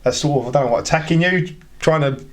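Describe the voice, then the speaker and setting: A man's voice: fairly high pitch, quick pace. A man hosting a podcast, telling stories in a casual chat, often laughing, with lots of fillers. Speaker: podcast host.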